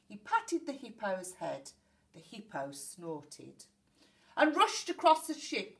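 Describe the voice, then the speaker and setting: A woman teacher reading a children's storybook aloud in an expressive, animated way. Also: mid-range voice, unhurried, far from the mic.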